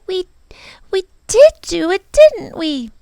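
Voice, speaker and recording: A woman reading a storybook aloud, voicing an outspoken young girl in a high, excited, emotional voice. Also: unhurried, no echo, exaggerated voice. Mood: eager.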